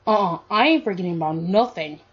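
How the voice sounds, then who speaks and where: A woman voicing a boastful, hot-tempered young male hero student who speaks bluntly and drags his words out slowly. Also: on the low side, lively intonation, breathy edge. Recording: dull lo-fi audio.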